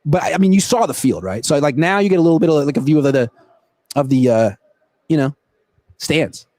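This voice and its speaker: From a football stadium, a man hosts a casual sports livestream, joking and rambling as he answers viewer questions into his laptop's built-in camera mic. He's a sports reporter and host with a fairly high, darkish voice, speaking animatedly and a little fast, with no echo.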